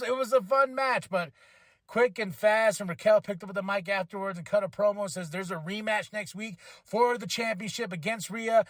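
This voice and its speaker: A man's voice: high voice, a bit bright, no room sound, clean studio sound. A tired man hosting a podcast, giving a casual, rambling recap and laughing often as he paraphrases what people said. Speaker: podcast host.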